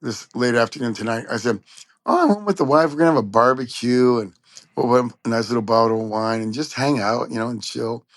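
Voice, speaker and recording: A man from Long Beach, California, a trumpet player telling lively anecdotes in a casual interview. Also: medium pitch, fairly quick, no room sound. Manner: animated anecdotes, acts out quoted voices.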